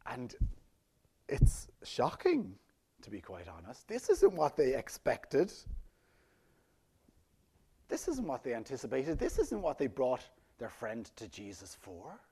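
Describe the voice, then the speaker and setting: A man preaching a sermon, lively and rhetorical, often putting questions to his listeners. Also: mid-range voice, takes it slowly, pauses often, breathy edge. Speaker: pastor.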